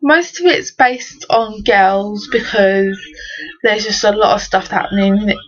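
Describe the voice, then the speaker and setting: A woman's voice: mid-range voice, takes it slowly. Teenage girl, exasperated slangy storytelling, casual vlog rant, dull lo-fi recording. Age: teens. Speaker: vlogger. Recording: dull lo-fi webcam audio.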